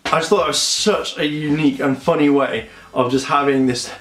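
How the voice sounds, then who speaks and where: A man's voice: a little high, steady tone, a little fast, fairly bright tone, soft background music. A man reviewing a TV episode in a casual, rambling way, with many fillers, acting out characters' lines. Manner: rambling, many fillers, acts out quotes in voices. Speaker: show reviewer. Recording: roomy echo.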